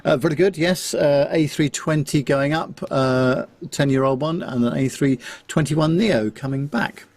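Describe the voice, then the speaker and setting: A man's voice: a little high, measured pace, a little mellow, dry recording. A man from the United Kingdom, co-hosting a podcast, talking in a hesitant, dry-humoured way. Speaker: podcast co-host. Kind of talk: casual chat.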